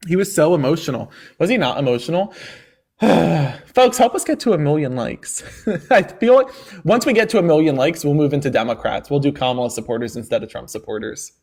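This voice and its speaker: A man hosting a live-stream call-in debate, mocking and needling his guests and laughing often. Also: on the high side. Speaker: livestream debate host.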